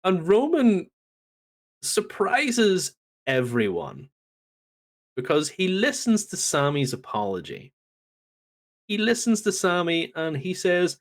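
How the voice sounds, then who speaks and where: This podcast co-host has a high-sitting voice and takes it slowly, pausing at length. He casually and animatedly recaps wrestling, performing what people said.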